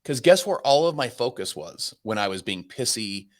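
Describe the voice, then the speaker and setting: A man in his forties, a podcast guest, telling a story in an energetic, conversational way with many restarts. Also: mid-range voice, moderate pace.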